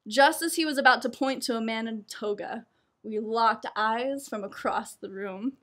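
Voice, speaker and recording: Brief: young woman storyteller, fairly high voice, laughs through her lines, self-mocking and lively. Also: moderate pace. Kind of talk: personal storytelling performance.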